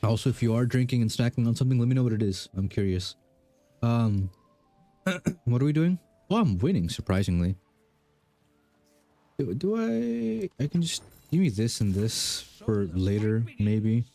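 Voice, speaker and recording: A man's voice: mid-range voice, sing-song, moderate pace, creaky, dark tone, soft background music. Rambling young man chatting while gaming. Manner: rambling, self-deprecating, lots of fillers and restarts. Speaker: streamer. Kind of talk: casual chat while gaming.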